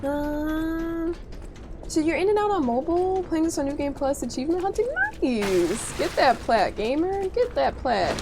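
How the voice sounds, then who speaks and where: A woman's voice: high voice, lively intonation, moderate pace, noisy background. A woman streaming a game, chatting casually with viewers, reading their messages aloud and answering with playful mock outrage. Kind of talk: casual gameplay chat with viewers.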